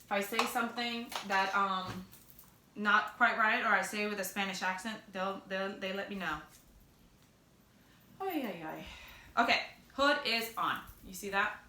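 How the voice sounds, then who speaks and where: A woman's voice: medium pitch, steady tone, normal speed, sharp tone, roomy sound. A young woman talking through a sewing project in a casual, chatty way, often correcting herself. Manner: chatty, self-correcting, upbeat. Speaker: sewing instructor.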